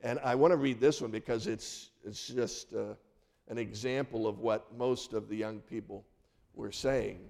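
A middle-aged male pastor giving a sermon, earnest, with dramatic drops into soft, quiet phrases. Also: on the low side, fairly even intonation, a little slow, creaky.

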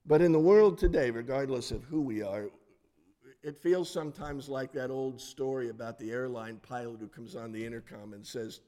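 Male pastor, middle-aged, mid-pitched warm voice, earnest sermon delivery that sinks to a hush for emphasis. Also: normal speed. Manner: earnest preaching with dramatic soft drops.

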